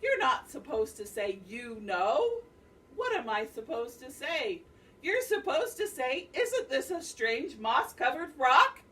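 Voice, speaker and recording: A woman's voice: mid-range voice, sing-song, unhurried, slight background noise. A woman voicing Ananasi, a hot-tempered spider trickster. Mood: angry. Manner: demanding, insistent, shouting when crossed. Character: lazy greedy male spider trickster, quick to anger. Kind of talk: read-aloud storybook voice. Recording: distant mic, faint classroom ambience.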